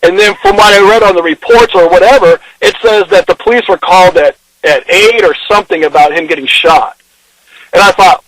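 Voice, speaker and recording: High-voiced man recounting events by phone. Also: lively intonation, brisk, fairly bright tone, no room sound, poor audio. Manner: rambling, restarts, acts out quoted dialogue. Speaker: interview guest. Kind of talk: emotional first-person retelling. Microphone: phone call.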